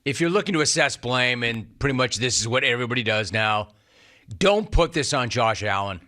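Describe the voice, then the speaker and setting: A man's voice: medium pitch, expressive, a little fast, bright, forceful tone. A middle-aged man hosting a sports talk show, delivering an emphatic, sarcastic monologue and repeating lines for punch. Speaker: sports radio host.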